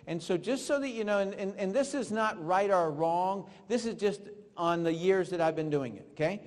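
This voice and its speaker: A male trainer with a high voice leads a live seminar, quizzing and coaching his audience through drills. His voice rings through a hall with a long reverb. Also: moderate pace, darkish tone. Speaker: network marketing trainer. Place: large room with an audience.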